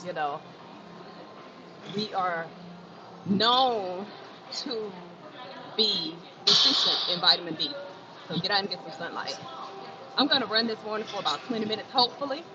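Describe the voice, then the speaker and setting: A woman's voice: medium pitch, expressive, normal speed, pauses often. A woman chatting casually on a livestream from an indoor gym, talking to viewers and repeating phrases for emphasis. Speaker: fitness livestreamer. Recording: muffled, noisy gym sound. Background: gym ambience.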